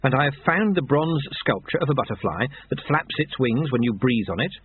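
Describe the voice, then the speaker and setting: A man's voice: medium pitch, expressive, brisk, breathy edge, pitched above the performer's own voice. A man voicing an earnest young novice monk who asks eager, flustered questions, heard through tinny phone-like audio.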